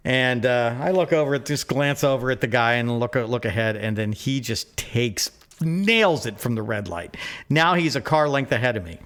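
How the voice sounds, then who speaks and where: Guy on a phone call telling a story, keeps cracking up, middle pitch. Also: moderate pace. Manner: animated storyteller, laughs often. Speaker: podcast co-host. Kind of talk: casual phone chat storytelling.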